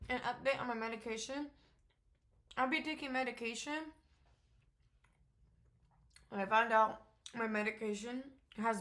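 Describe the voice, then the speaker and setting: A woman's voice: medium pitch, fairly bright tone. Candid young woman vlogging, rambling freely. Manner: candid, rambling, frequent fillers and swearing. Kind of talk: casual unscripted update.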